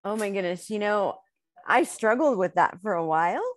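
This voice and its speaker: A woman's voice: medium pitch, lively intonation, normal speed, dry recording. A middle-aged woman, a guest on a casual interview, talking eagerly about her work as a mom mentor.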